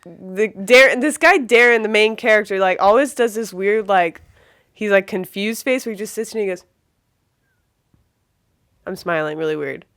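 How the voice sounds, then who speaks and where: A woman's voice: mid-range voice, moderate pace, fairly bright tone, no room sound, clean studio sound. A young woman on a casual podcast, rambling as she retells a film plot with lots of "like" and quoted lines. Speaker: podcast panelist.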